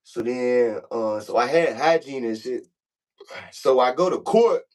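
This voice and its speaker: A young man swaps stories as a podcast guest in an easy, rambling way, padding every thought with filler phrases and swearing freely. His pitch sits in the ordinary middle, and when he acts out a standoff he climbs noticeably louder and higher. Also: measured pace, poor audio. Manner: loose, profane, full of "like" and "you know what I'm saying"; gets loud and high when reenacting confrontations. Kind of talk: casual storytelling.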